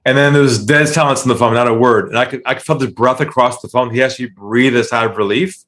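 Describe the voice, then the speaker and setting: A man tells a sales story in an interview. He acts out the people on the phone call and drops his voice low and slow to make his point. He has a mid-pitched voice. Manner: animated, acts out calls in excited voices. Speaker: sales trainer guest.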